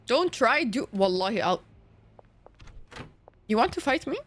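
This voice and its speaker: A young woman streaming a game in a casual, expressive way, swearing often and mixing in Arabic phrases. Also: fairly high pitch, a little slow.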